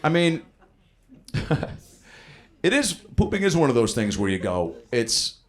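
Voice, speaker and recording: Animated profane comedian in his thirties. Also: medium pitch, a little slow. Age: 30s. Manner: riffing, profane, animated storytelling. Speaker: stand-up comedian. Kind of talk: improvised stand-up. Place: comedy club stage. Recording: live club with crowd laughter. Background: audience laughter.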